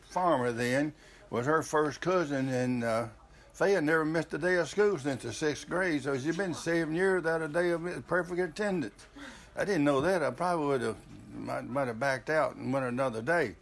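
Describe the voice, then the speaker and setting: A man's voice: medium pitch, moderate pace. Older man rambling through a story. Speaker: grandfather telling family story. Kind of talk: casual storytelling.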